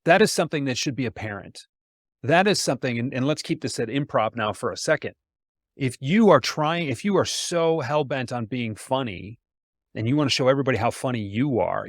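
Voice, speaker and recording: A man's voice: mid-range voice, lively intonation, normal speed, no echo, studio quality. Emphatic man trading sales aphorisms. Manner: emphatic, speaks in punchy aphorisms, repeats words as he builds a point. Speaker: sales trainer, podcast guest. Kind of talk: casual conversational interview.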